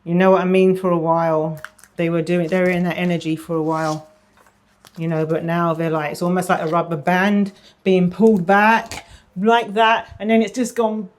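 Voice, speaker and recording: A woman giving a casual tarot reading, chatty, often repeating phrases and dropping into a soft murmur. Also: lowish voice, level tone, moderate pace. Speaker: tarot reader.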